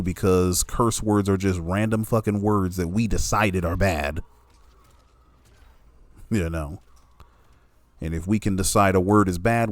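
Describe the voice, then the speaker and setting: A man with a low voice gives an opinionated commentary monologue, blunt and full of profanity. He leans hard on his points and keeps checking in with the listener. The sound is dry and close, with no room echo. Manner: blunt, heavily profane, emphatic; peppers speech with "you know what I'm saying".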